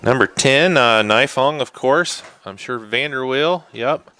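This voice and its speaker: A man giving live play-by-play commentary on a youth soccer shootout, unhurried and sometimes hushed. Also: medium pitch, clean tone. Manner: unhurried, drops to a hushed whisper during tense kicks. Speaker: sports commentator.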